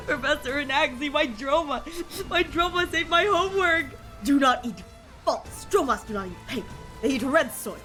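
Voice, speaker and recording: A woman streaming a video game, reacting excitably with gasps and shrieks as she commentates her play. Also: high-pitched, moderate pace. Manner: excitable, gasping and shrieking at wins. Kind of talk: live gameplay commentary. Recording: voice over loud game music. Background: game music.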